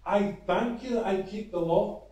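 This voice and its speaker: A pompous religious man boasts in a raised, high voice about how good he is, as a man puts him on. The voice sits well above the speaker's own and comes from far off in a very echoey space. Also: a little slow, mellow. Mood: smug boasting. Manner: pompous, self-congratulating. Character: smug boastful male religious man praying aloud.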